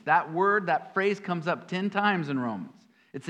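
A male pastor with a voice a bit higher than most men's preaches a sermon, working through scripture with sudden emphatic bursts before dropping into folksy, chatty asides. He's expressive and a bit bright, speaking at normal speed with few pauses.

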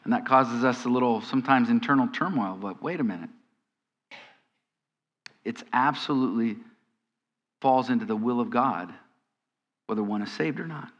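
A man's voice: medium pitch, normal speed, long pauses, highs cut off. A man preaching a sermon as pastor, in a conversational style that turns to emphatic questions. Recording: long hall reverb.

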